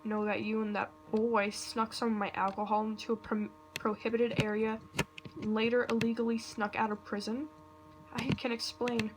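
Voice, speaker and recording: A woman's voice: a little high, flat delivery, moderate pace, close to an everyday voice. A drunk, menacing father, as a woman reader voices him. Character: drunk violent middle-aged father. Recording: noisy home recording with computer clicks.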